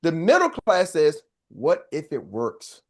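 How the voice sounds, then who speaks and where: A man's voice: on the high side, huge pitch swings, slow pace. A man gives a motivational sales training. He talks like a preacher, throws questions to the room and waits for answers. He slips into short acted voices to make his point. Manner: preachy, call-and-response, acts out little voices. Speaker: sales coach.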